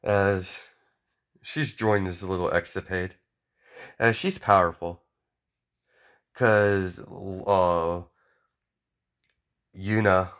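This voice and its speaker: A man improvising a fan story, hesitant and rambling, chaining clauses with "as". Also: low voice. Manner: hesitant, many fillers and restarts, chains clauses with "as".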